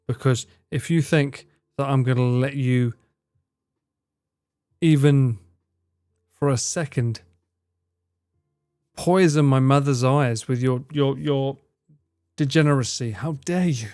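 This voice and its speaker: A man's voice: medium pitch, a little mellow, dry recording, studio quality. A young man streaming live, chatting with his viewers in a teasing, mock-outraged way and swearing freely. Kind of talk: casual live-stream chat.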